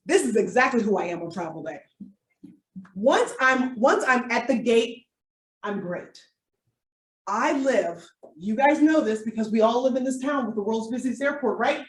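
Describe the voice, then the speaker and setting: A woman giving a live workshop as a coach, animated and playful, with comic asides to her audience. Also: fairly high pitch, normal speed. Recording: echoey room, distant mic.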